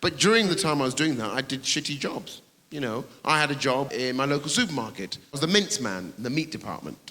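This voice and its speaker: A man doing a stand-up comedy set on a theatre stage, teasing the audience and bursting into shouted high voices. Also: animated, fast talker. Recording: reverberant hall with loud audience noise.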